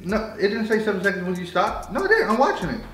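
A man's voice: sits high, big pitch swings, fast, a bit bright. A young man co-hosting a casual challenge vlog, playfully teasing his partner. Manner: playful teasing, breaks into sung lines. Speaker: co-host. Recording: echoey room with faint music.

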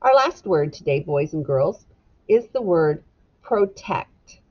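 Slow, gentle woman teaching phonics. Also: low voice, sing-song, breathy edge. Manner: slow and deliberate, sounding out syllables and letters; gentle and encouraging toward young children. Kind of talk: children's phonics lesson. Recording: dull lo-fi sound.

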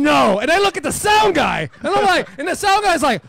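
Animated high-voiced man telling a story. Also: a little fast, gravelly, dry recording. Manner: animated, profane, acts out quotes. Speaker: radio DJ guest. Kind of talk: casual storytelling chat.

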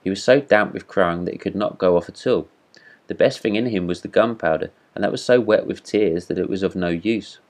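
A man reading a classic fairy tale aloud as a storyteller, in steady read-aloud narration. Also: low voice, brisk.

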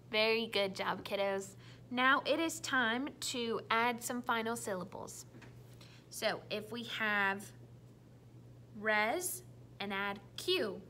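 A woman teacher leading a phonics lesson for children, saying each word clearly and repeating it for the class to echo. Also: a little high, bright, forceful tone, slight background noise. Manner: slow, clearly enunciated, repeats words for kids to echo.

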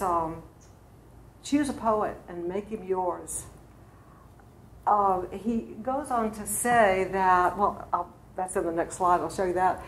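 A woman's voice: mid-range voice, slight background noise. A woman teaching an adult class in a church classroom, lecturing in a chatty way with fillers and asides to her students. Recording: roomy classroom recording.

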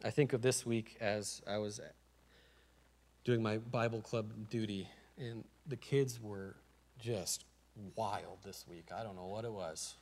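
Stammering Midwestern pastor preaching. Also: male voice, lowish voice, steady tone, takes it slowly. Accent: American Midwest. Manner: shifts from hushed storytelling to loud pleading, stammers when worked up. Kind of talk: sermon. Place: church sanctuary.

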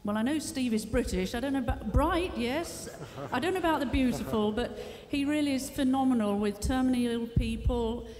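A woman's voice: high-pitched, a little fast, hardly any pauses, a crowd in the background. A woman giving a humorous anecdotal speech at a live tribute evening, dry and teasing, playfully mimicking others. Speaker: guest speaker at a tribute evening. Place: large civic hall, live event. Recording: long hall reverb, faint background noise.

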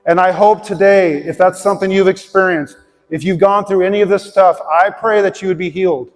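A man preaching from the pulpit with a high, ringing voice. He tells his story in an earnest, heartfelt way. The church hall adds a long reverb, with soft music underneath. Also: fairly even intonation, fairly quick. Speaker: pastor. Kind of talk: sermon with personal story and prayer. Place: church sanctuary.

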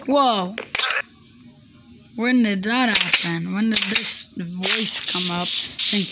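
A woman narrates her game session at a slow, drawn-out pace, cursing freely and talking straight to the characters on screen. Her voice sits at a middling pitch. A heavy bed of noise and clicking runs under the recording. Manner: chatty, profane, talks to the game characters. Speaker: gaming video host. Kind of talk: casual Minecraft let's play commentary.

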